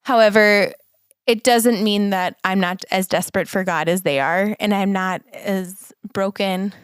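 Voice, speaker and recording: A woman's voice: medium pitch, steady tone, measured pace, smooth, dry recording. A woman co-hosting a podcast, talking in an earnest, reflective way and laughing now and then. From United States. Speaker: podcast co-host. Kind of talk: casual chat.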